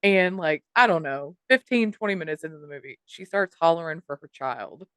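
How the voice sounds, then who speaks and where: Lively woman podcast host telling a story, swears a lot, dry close mic. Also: low voice, brisk, smooth, dry recording. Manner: animated storyteller, swears, mimics people she quotes. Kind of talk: casual chat, storytelling.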